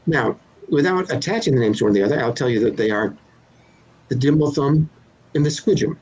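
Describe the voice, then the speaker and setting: A man's voice: mid-range voice, expressive, brisk, a little mellow, slightly rough, low-quality recording. An older man, a children's author being interviewed, explaining his craft in a thoughtful, playful way with examples. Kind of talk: relaxed interview answers.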